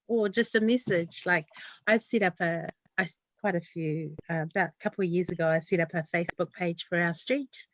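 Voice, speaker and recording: A New woman speaks in a lowish voice, earnest and heartfelt. Her thoughts run on from one to the next in casual interview chat. The sound is dry and close. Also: brisk, no room sound. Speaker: community developer, guest.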